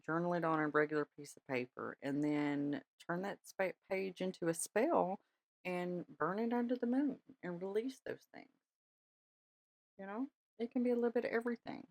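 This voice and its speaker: In a dry recording, a woman speaks at a moderate pace in a lowish voice with a darkish tone. She hosts a podcast on casual spiritual matters, staying chatty and reassuring and frequently asking her audience "all right?"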